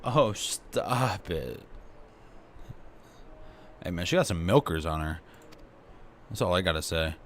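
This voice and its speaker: Excitable, cursing man streaming a game. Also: sits low, slow, pauses often, slight background noise. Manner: excitable, profane, reads game dialogue aloud. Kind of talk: live gameplay commentary.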